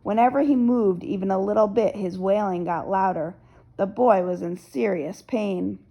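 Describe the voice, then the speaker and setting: Woman narrating a novel, gravelly voice. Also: medium pitch, normal speed, mellow, poor audio. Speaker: audiobook narrator. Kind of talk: first-person novel narration.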